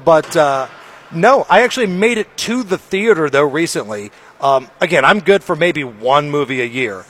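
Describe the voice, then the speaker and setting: A man hosting a morning radio show, telling stories in a chatty, animated way. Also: on the high side, moderate pace. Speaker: radio host. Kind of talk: casual morning radio banter.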